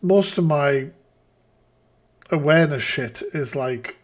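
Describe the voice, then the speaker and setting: A man's voice: on the high side, slow. A man hosting a live reaction stream, talking casually with exasperated, profane rants.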